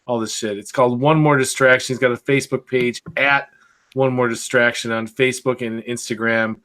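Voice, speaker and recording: A man co-hosting an arcade-collecting podcast, chatting casually in a rambling, animated way and swearing freely. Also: medium pitch, brisk. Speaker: podcast co-host. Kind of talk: casual chat.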